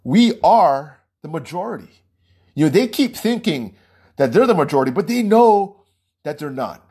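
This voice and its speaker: A man's voice: fairly high pitch, very animated, normal speed, a little mellow, breathy edge. A man hosting his own small podcast, giving a heated, rambling political monologue and laughing between points. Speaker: podcast host.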